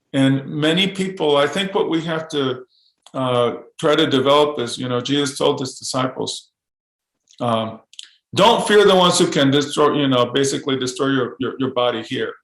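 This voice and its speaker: Earnest gravelly man in an echoey room. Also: medium pitch, animated. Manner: earnest, halting, restarts often. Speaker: guest. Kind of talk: podcast interview testimony.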